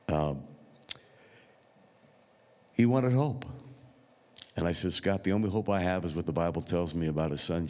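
A man with a deep, low voice preaches to his congregation, talking like he's chatting with friends. He pauses often and fills gaps with small hesitations. His words ring out with a long reverb through a large church sanctuary. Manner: unhurried, conversational, with frequent pauses and fillers. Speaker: pastor. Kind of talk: sermon storytelling.

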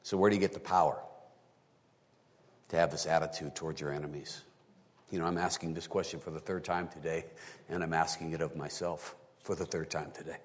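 A male pastor delivering a sermon, talking through scripture and often rising into high, emphatic bursts. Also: steady tone, a little fast, in a large hall.

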